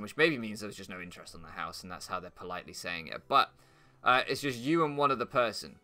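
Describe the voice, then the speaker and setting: A man's voice: lowish voice, expressive, quick pace, pushed and bright. A young British man playing a game and rambling through casual commentary, sarcastic, swearing and bursting into mock outrage. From Britain. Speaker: gaming YouTuber. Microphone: floor mic at first, then desk mic.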